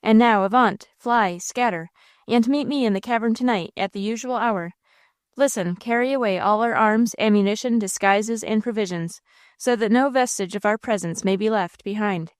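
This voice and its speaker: A woman with a clear, resonant mid-range voice speaks at normal speed, playing a bold, blustering male robber captain barking orders at his gang. Her commanding delivery is rousing and theatrical, and the dry, studio-quality recording keeps her voice natural.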